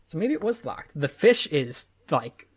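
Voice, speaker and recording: A man's voice: fairly high pitch, very animated, measured pace, breathy edge, no room sound. A man co-hosting a casual podcast, chatty and laughing often, with a lot of filler words. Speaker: podcast co-host. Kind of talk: casual podcast chat and read-along.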